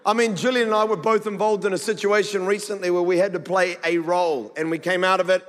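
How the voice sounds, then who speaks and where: A pastor from New Zealand delivers a sermon from the stage in a loose, joking, story-driven style, with a steady tone and quick delivery. His voice sits high for a man, and the big hall gives the sound a long ringing tail.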